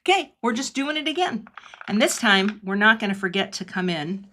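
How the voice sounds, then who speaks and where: A middle-aged woman teaching cardmaking in a live online demo, chatting and laughing often, her voice dropping low when she concentrates. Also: lively intonation, fairly quick, bright, forceful tone, slight background noise. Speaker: cardmaking instructor. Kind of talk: live online craft demonstration.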